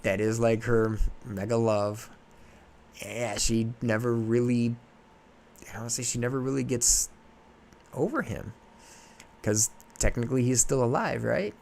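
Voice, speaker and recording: A man's voice: mid-range voice, unhurried, creaky, pauses often, a little mellow, a little hiss or hum. Man, podcast host, casual storytelling, rambling, lots of fillers.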